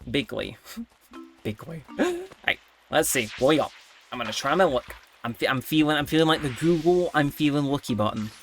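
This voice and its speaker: A man giving chatty, rambling commentary while playing a cozy life-sim game, thinking out loud. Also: on the high side, big pitch swings, moderate pace, faint music behind. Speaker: let's play host.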